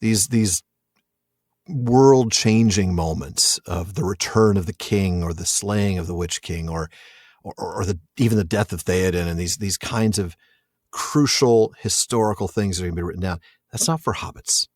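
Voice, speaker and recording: A man's voice: deep voice, normal speed, dry recording, studio quality. A man co-hosting a podcast, chatting casually and enthusiastically about a book and laughing often. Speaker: podcast co-host.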